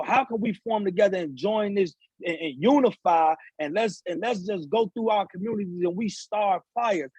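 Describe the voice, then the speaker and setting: A man speaks in a high, breathy-edged voice. He talks like a preacher, repeating himself and rising in force. The room sounds dry and close. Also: darkish tone, no echo, poor audio. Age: adult father of seven sons. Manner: preaching, repetitive, rising to emphatic peaks. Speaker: author and speaker, guest. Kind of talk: impassioned podcast talk.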